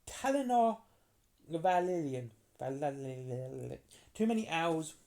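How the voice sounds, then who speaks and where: Casual lore rambling, jokey asides, swooping pitch. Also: sing-song, vocal fry, a little mellow. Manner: chatty and jokey, acts out characters in quick asides. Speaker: tabletop game lore explainer.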